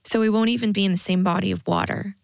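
A woman reading the part of a loyal, tender young woman, speaking softly and earnestly. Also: medium pitch, fairly even intonation, fast, creaky, no echo, studio quality, lightly acted.

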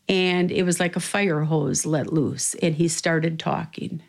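A woman's voice: fairly low pitch, fairly even intonation, moderate pace, gravelly, hardly any pauses, rough recording. An older woman from Minnesota earnestly tells a personal family story, stopping to think and quoting others as she goes. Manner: earnest, reflective, quotes others in dialogue. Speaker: interviewee telling a family story. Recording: music bed under the voice.

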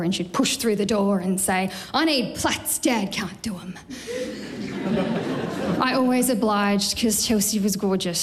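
A woman telling a lively, self-mocking personal story on stage. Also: medium pitch.

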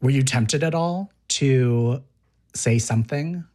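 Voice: medium pitch, takes it slowly, a little mellow. An interviewer prompting a guest with curious follow-up questions in casual conversation.

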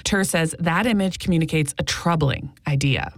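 Low, gravelly-voiced female news correspondent. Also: moderate pace, dry recording. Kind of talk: scripted news report.

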